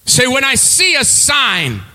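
A man preaching a sermon, telling a story with halting repeats and leading the congregation in call-and-response. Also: very high voice, huge pitch swings, pushed and bright, big-room sound. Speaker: pastor.

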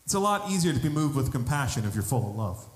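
A man preaching a sermon, telling a personal testimony in an animated storytelling way and building to emphatic appeals. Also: mid-range voice, fast talker. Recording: echoey hall with long reverb.

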